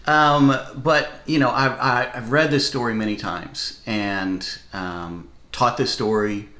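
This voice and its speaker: A man co-hosting a casual faith podcast, reflective and growing animated when excited. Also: mid-range voice, slow pace. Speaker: podcast co-host who has preached. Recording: roomy echo.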